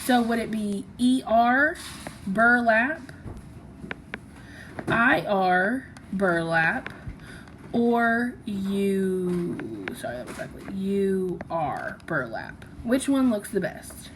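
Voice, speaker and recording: A woman's voice: medium pitch, lively intonation, slow, hardly any pauses, a little hiss or hum. A woman teaching a phonics lesson, patiently sounding out syllables and letters one by one.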